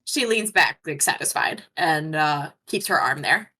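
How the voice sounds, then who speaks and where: A woman's voice: deep voice, lively intonation, measured pace, sharp tone, husky. A woman running a tabletop game as game master, narrating in a casual, chatty way.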